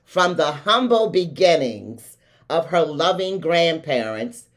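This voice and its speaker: A woman's voice: low-pitched, very animated, slow pace. A woman from Baltimore with a Baltimore accent, hosting a livestream talk show and hyping up her audience in an effusive way. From Baltimore, USA. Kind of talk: hyped livestream show intro.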